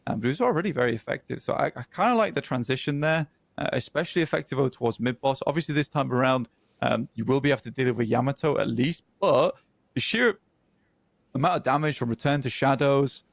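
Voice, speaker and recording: A man casting an esports match, breaking down the draft in a measured, analytical way with frequent ums. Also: mid-range voice, vocal fry, no echo. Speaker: esports caster.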